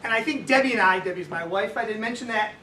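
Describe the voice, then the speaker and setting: A man's voice: high-pitched, quick pace, pushed and bright. A middle-aged man telling a comic personal story at a live reading, wry and self-deprecating, chatting to the crowd. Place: indoor live event venue. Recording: distant, echoey live room with background noise.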